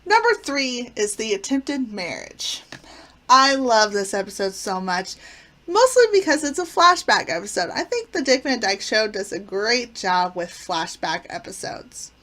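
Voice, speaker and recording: A woman's voice: mid-range voice, sing-song, unhurried, pushed and bright. A woman casually reviewing favorite sitcom episodes, retelling plots with enthusiasm and frequent fillers. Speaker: channel host.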